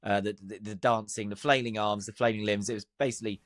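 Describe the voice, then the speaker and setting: A man's voice: lowish voice, fairly even intonation, fast talker, dry recording. Dry-sounding male podcast host. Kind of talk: casual chat.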